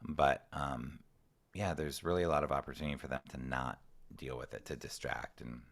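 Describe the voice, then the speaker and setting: A man with a rumbling low, slightly bright voice speaks at a normal pace with fairly even intonation. He's an ADHD coach appearing as a podcast guest, giving casual, thoughtful advice on handling kids' emotional triggers and frequently restarting his sentences.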